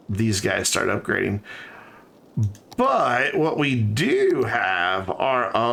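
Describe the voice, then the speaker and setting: A man's voice: mid-range voice, gravelly, fairly bright tone, a little hiss or hum. A man streaming a city-building game, chatting casually and thinking aloud as he builds. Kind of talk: casual let's-play commentary.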